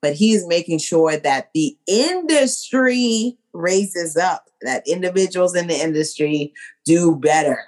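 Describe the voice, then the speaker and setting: A woman's voice: fairly low pitch, lively intonation, a little slow, darkish tone. Tipsy, rambling woman. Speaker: podcast co-host. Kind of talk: casual chat.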